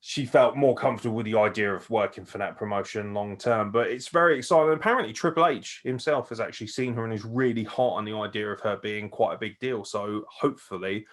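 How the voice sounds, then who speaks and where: A man talks wrestling news as a podcast co-host. He is excitable and loose, swearing freely and laughing often. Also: on the low side, fast, hardly any pauses. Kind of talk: casual wrestling news chat.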